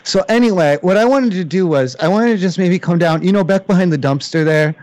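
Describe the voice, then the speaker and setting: A man's voice: sits high, fairly quick, few pauses, darkish tone, dry recording. A man making a prank phone call, spinning a mock-earnest, pleading story. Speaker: prank caller.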